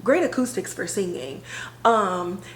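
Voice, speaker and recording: A woman podcast host retelling a TV episode in a casual, animated way, full of filler words. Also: medium pitch, measured pace, reverberant, low-quality recording. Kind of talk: casual storytelling recap.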